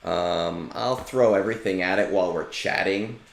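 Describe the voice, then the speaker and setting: A male game streamer talks casually in a lowish voice, loose and swearing freely. His voice carries a noticeable room echo, as if he sits in a bare space. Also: normal speed, vocal fry. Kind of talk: casual live-stream chat.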